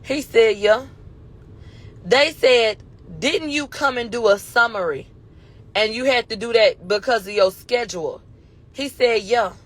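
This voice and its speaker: A woman doing casual commentary, retelling court testimony in an animated, profane way. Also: fairly high pitch, a little slow, long pauses. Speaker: commentary host.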